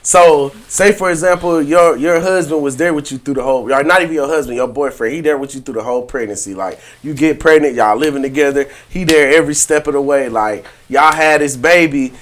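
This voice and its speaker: Chill young dude on a podcast, bit high pitched, laughs a lot, swears. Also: male voice, brisk, hardly any pauses. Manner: laid-back, laughs often, swears freely. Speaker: podcast co-host. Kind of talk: casual group debate.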